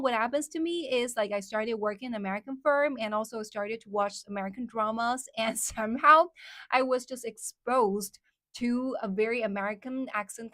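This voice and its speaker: A woman whose first language is Chinese chats on a livestream in English, her voice sitting a little higher than most. She talks loosely and fills her sentences with "like" and "um". The sound is dry and close, with no room around it. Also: a bit bright, no echo. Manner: chatty, many fillers like "like" and "um". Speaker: livestream host. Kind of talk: casual livestream chat with viewers.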